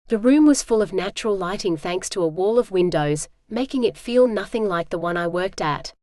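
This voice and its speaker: A woman reading a romance audiobook in the first person, smooth and measured, on a close mic. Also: mid-range voice, expressive, mellow, no echo. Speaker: audiobook narrator.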